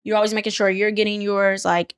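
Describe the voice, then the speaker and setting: A young adult woman co-hosting a casual chat, telling stories in an animated way, acting out quotes with big jumps in pitch and laughter. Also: a little fast, smooth, no echo, studio quality. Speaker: podcast co-host.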